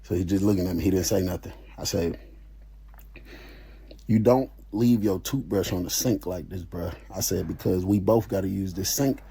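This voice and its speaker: A man telling a story in a casual, animated way, full of slang and swearing. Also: deep voice, normal speed, vocal fry, breathy edge.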